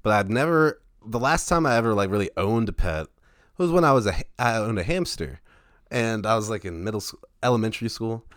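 A man's voice: on the low side, expressive, fairly quick, fairly bright tone, no room sound, clean studio sound. A man in his twenties, chatting casually and rambling with lots of filler words. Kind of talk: casual chat.

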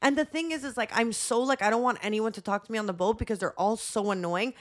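A woman's voice: on the high side, fast talker. Chatty young woman telling stories. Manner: chatty storytelling, heavy use of "like", acts out quotes. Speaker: podcast co-host. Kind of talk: casual chat.

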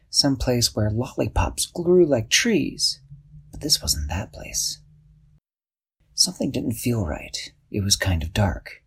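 Very husky, expressive storyteller man. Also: lowish voice. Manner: expressive, slows for suspense. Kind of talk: children's story narration.

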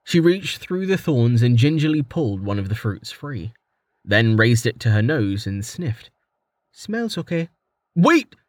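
A man narrating a fantasy story in a steady, even storytelling manner. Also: medium pitch, unhurried, no echo. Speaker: audiobook narrator.

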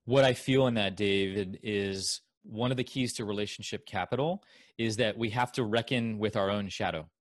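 A man's voice: lowish voice, moderate pace, no room sound, clean studio sound. A man hosting a podcast, responding thoughtfully and asking a reflective question. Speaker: podcast host. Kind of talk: reflective interview talk.

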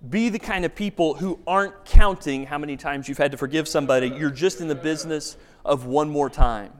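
A man's voice: fairly high pitch, brisk. A man preaching a sermon as pastor, telling a story with emphasis and asking rhetorical questions. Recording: long reverb of a large hall.

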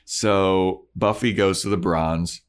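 A man with a low, clean-toned voice speaks slowly as he casually recaps a TV episode on a podcast. His retelling is animated, and he acts out scenes using quoted voices in a relaxed, chatty way.

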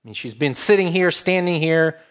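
A man's voice: a little high, expressive, a little fast, clear, resonant tone. A man preaching a sermon in a conversational way, building to emphatic stretches. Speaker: pastor.

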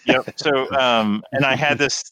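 A man co-hosting a casual round-table chat, full of fillers, quick to laugh and cut in. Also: medium pitch, steady tone, bright, forceful tone, dry recording. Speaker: podcast co-host.

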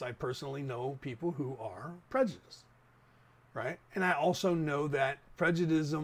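Rambling fifty-something man, slightly high voice. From San Francisco Bay Area. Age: 50s. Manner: rambling, talks straight to listeners with asides. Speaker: podcast host. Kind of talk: casual opinion monologue.

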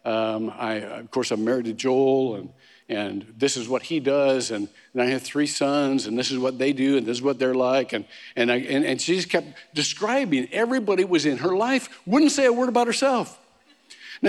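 A male pastor with a slightly high voice delivers a relaxed, anecdotal sermon at normal speed, repeating and restarting words and adding humorous asides. The large hall gives a long reverb tail.

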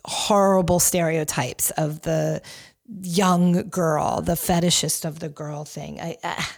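A woman's voice: sits low, fairly even intonation, slow pace. A woman hosting a podcast, giving candid, opinionated commentary that rambles with frequent restarts. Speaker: podcast host.

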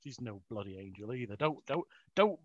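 A man's voice: medium pitch, animated, brisk, a little hiss or hum. A middle-aged man in a casual chat, rambling with restarts, self-mocking and often chuckling. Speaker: interview guest. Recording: dull lo-fi recording.

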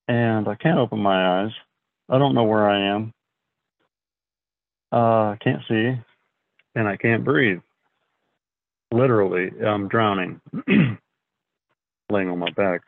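A low-voiced man with a gravelly edge speaks slowly and haltingly, clearing his throat often between phrases. His voice comes through thin and phone-like, with a dry, close sound. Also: dry recording. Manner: slow, halting, frequent throat clearing and fillers. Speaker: podcast guest. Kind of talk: casual storytelling.

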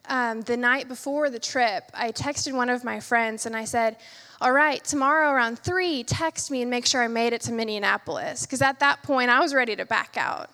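A young woman tells her story to a church in an earnest, halting way, full of little fillers and asides. Her voice sits high and bright. It carries with a long reverb, as if heard in a big hall. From United States. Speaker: medical student sharing a testimony. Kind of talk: church testimony.

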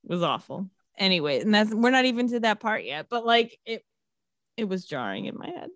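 A woman's voice: mid-range voice, a little fast, dry recording. A woman co-hosting a casual chat about a movie, swearing and laughing as she acts out its lines. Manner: animated, swears often, laughs a lot, acts out quotes. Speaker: podcast co-host.

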